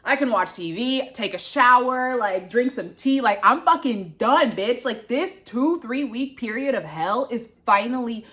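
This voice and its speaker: A young woman telling a casual storytime vlog, animated and swearing, acting out what others said. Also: on the high side, unhurried, hardly any pauses. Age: young adult. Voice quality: expressive, swearing, acts out voices of others. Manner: animated retelling, swings between loud and hushed. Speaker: vlogger, grad student.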